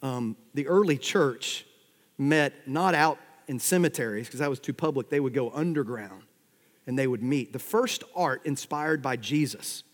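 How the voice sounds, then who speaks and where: Higher-voiced male preacher in a reverberant hall. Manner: animated preaching with sudden swells and drops in loudness, wry humor. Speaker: pastor. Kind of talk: sermon.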